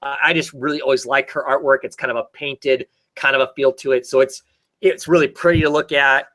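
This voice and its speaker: A man's voice: mid-range voice, fairly even intonation, a little fast, fairly bright tone. A man in a casual chat, rambling through a comic story with lots of fillers and restarts. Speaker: podcast co-host.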